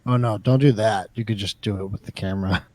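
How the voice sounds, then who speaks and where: A man with a low voice and a dark, mellow tone answers the host in short, matter-of-fact replies. His voice sounds close and dry, with no room echo behind it. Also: steady tone, fairly quick. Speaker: crew member running the stream. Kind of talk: casual off-camera chat.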